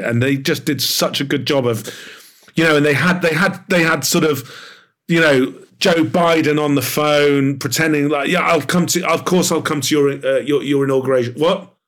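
A man being interviewed as an author, talking in an animated, enthusiastic way with plenty of fillers. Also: mid-range voice. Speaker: author and guest. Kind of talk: podcast interview.

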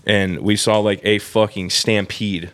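A young man with a Southern Californian accent talks in a slightly low voice in a relaxed, slangy way. He curses freely and drops "dude" into nearly every line. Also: measured pace. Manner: profane, laid-back slang, lots of "dude". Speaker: podcast co-host. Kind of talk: casual chat.

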